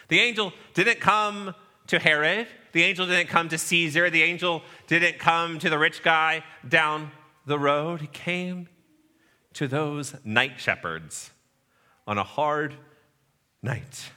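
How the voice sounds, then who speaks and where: A man's voice: on the high side, takes it slowly, bright, forceful tone. Man preaching with humor in a church. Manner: humorous storytelling, acting out quoted voices. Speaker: pastor. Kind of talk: sermon. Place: church sanctuary. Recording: long hall reverb.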